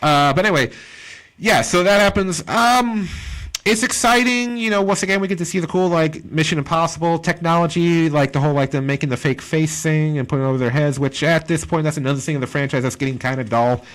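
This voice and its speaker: Guy rambling thru a movie review on a podcast, kinda high voice, lots of likes and ums. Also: fairly quick. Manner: rambling, filler-heavy, animated impressions. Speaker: podcast co-host, comedian. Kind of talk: casual chat, movie review.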